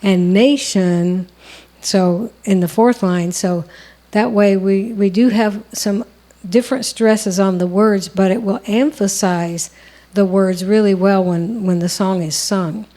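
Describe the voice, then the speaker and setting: A woman's voice: medium pitch, steady tone, measured pace, mellow. A woman co-hosting a songwriting lesson, explaining step by step in a conversational way. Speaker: songwriting co-host. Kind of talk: instructional conversation.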